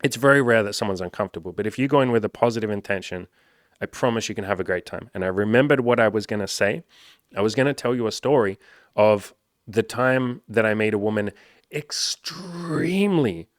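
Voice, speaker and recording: A man's voice: fairly low pitch, dry recording, studio quality. A man, a dating coach, telling a story in a loose, chatty way, swearing freely and filling with "like". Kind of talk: casual storytelling to camera.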